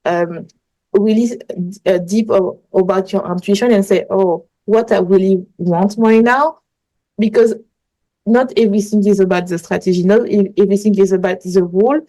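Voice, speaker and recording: A woman's voice: mid-range voice, steady tone, normal speed, warm tone, low-quality recording. A woman, a coach talking as a guest in a casual interview, telling earnest, rambling stories in English. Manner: earnest, rambling storytelling in non-native English. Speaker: manifestation coach, podcast guest.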